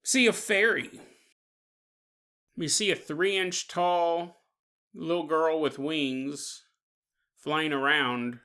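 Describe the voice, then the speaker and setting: A man's voice: a little high, steady tone, very slow, long pauses, pushed and bright, clean tone. A man hosting a paranormal podcast, riffing comically and laughing often as he acts out little scenes. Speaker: podcast host. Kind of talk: comedic riffing monologue.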